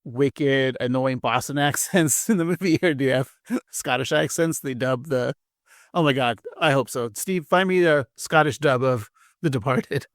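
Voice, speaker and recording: A man co-hosting a podcast in relaxed, rambling chat, laughing often. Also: mid-range voice, normal speed, dry recording, studio quality. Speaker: podcast co-host. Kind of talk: casual chat.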